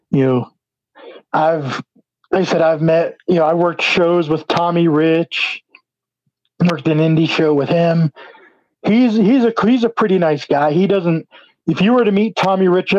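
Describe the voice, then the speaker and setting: A man's voice: on the high side, a little mellow, no echo. A man from New Jersey, an independent wrestler, chatting casually as an interview guest and rambling with many "you know" fillers. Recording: dull lo-fi, dry sound.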